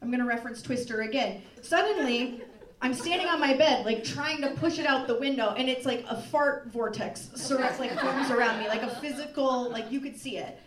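A young woman telling a laughing, animated confessional story on a live comedy stage. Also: high voice, brisk. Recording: echoey room from far off, loud crowd.

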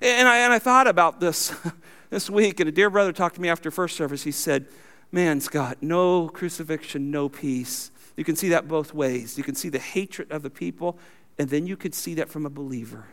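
Speaking briskly, a pastor with a notably high voice delivers a sermon and reads scripture aloud. He swings between raised, emphatic lines and low, quiet asides.

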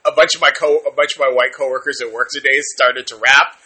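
A man's voice: medium pitch, steady tone, quick pace, pushed and bright. A man co-hosting a podcast in casual chat, rambling with restarts and laughing often. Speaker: podcast co-host.

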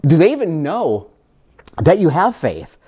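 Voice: mid-range voice, very animated, measured pace, warm tone, slightly rough. A pastor giving a sermon, firing rhetorical questions at the congregation and repeating words as each point builds.

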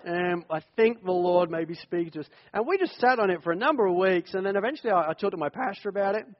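A middle-aged pastor with a high-pitched voice preaches a sermon, slipping easily into lively personal stories. His voice rings out through a long hall echo. The recording sounds dull and lo-fi. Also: fast. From United Kingdom. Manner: conversational, animated storyteller.

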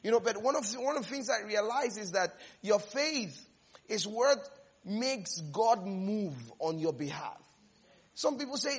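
A middle-aged man preaching a sermon in an animated way, often repeating words and laughing between phrases. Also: high voice, measured pace, gravelly, husky.

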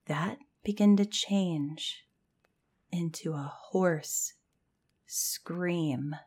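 A woman telling a scary campfire story as scripted narration, in a hushed voice that often drops to a whisper. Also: fairly low pitch.

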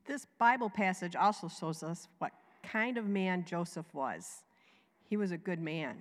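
A woman with a Southern US accent co-leading a sermon, reading scripture and preaching in an animated way. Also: lowish voice, measured pace, in a large hall.

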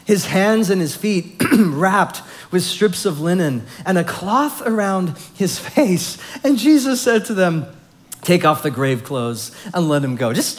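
Male pastor, slightly high voice, casual animated sermon delivery. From Southern California. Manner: conversational, animated storytelling with fillers.

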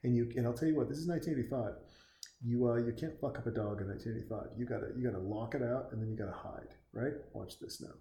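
A man's voice: medium pitch, steady tone, racing, warm tone. A man in his forties from Montana, giving casual, profane, rambling commentary while watching a movie. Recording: echoey room.

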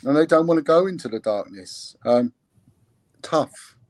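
A man's voice: a little high, expressive, a little fast, darkish tone, dry recording. A man, a former police investigator, talking earnestly in an interview with many restarts and fillers. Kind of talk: candid interview talk.

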